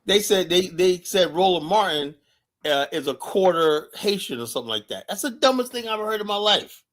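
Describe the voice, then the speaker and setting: A man hosting a podcast, telling stories in a rambling, animated way with plenty of swearing. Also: sits high, fairly quick. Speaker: podcast host. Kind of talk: casual chat.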